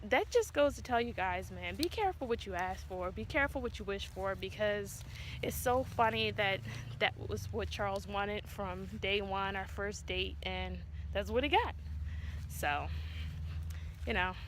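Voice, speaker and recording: A woman's voice: mid-range voice, measured pace, a little hiss or hum, rough recording. A woman vlogger telling a personal story to her viewers in a casual way, acting out what people said. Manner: animated retelling, acts out quotes. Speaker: vlogger, mother of twins.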